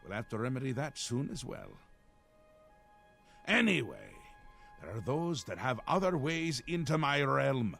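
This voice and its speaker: An actor playing a manic, capricious male prince of madness from a video game, with a Scottish accent and a gravelly voice that swings from low mutters to sudden shouts. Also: big pitch swings, a little slow, pauses often, faint music behind, full character voice.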